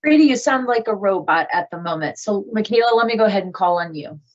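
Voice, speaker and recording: A woman's voice: medium pitch, lively intonation, quick pace, muffled recording. A woman facilitating a virtual meeting in an organized, directive way as she calls on participants. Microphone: video call.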